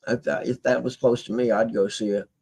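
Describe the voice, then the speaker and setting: A man's voice: mid-range voice, flat delivery, brisk, creaky, a little mellow, slightly rough. A man hosting a casual talk show, laid-back, laughing often and reading posts aloud. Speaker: show host. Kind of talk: casual chat.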